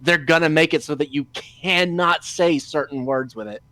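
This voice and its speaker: Cynical podcast guy, slightly high voice, dry close sound. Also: moderate pace, sharp tone, no echo. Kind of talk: casual podcast chat.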